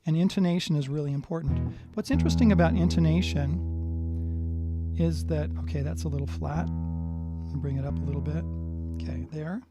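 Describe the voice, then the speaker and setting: During a live guitar lesson, this man chats easily and muses out loud while tuning and playing, guitar audible behind him. He's a guitar teacher whose voice runs on the high side at a moderate pace.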